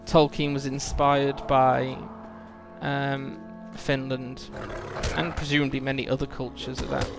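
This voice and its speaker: Gravelly man musing over game lore. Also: mid-range voice, little pitch movement, unhurried, loud music behind the voice. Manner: musing, rambling lore talk with many fillers. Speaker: game streamer. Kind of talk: casual live-stream chat.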